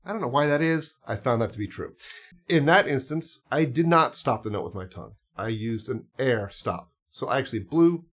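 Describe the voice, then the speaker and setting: A man's voice: medium pitch, expressive, moderate pace, a bit bright. A man teaching clarinet, talking casually and explaining step by step with small asides and fillers. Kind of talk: casual instructional talk.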